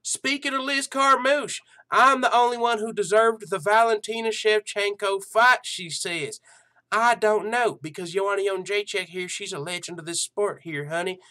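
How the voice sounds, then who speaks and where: A man's voice: normal speed, pushed and bright. A man doing a brash, teasing hillbilly show host with an exaggerated country drawl. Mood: sassy ranting. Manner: high, brash, teasing, calls people honey and sweetie. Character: loud sassy hillbilly man hosting a fight show. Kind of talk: comic impression.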